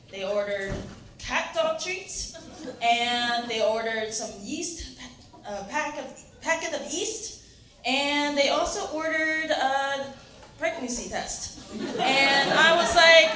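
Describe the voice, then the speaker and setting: A young woman performs stand-up on a club stage, her voice high and her pace unhurried. She talks in a chatty, halting way, full of fillers and little laughs. The mic picks up an echoey room with audible noise behind her. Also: far from the mic, crowd noise. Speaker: stand-up comedian. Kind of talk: stand-up comedy set.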